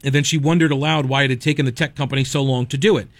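A man's voice: mid-range voice, steady tone, racing, dry recording. Wry, digressive talk radio man. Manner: conversational, digressive, wry asides. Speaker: radio talk show host. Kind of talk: conservative talk radio commentary.

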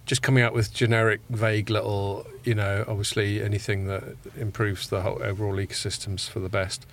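A man with a slightly low voice hosts a casual podcast chat. He keeps things relaxed and steers the talk between his guests. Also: brisk, a little hiss or hum. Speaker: podcast host.

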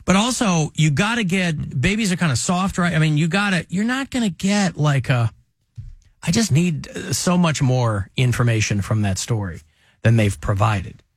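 A man hosting a radio talk show, chatting casually with rambling, animated asides. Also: a little high, moderate pace, no echo, clean studio sound. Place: radio studio.

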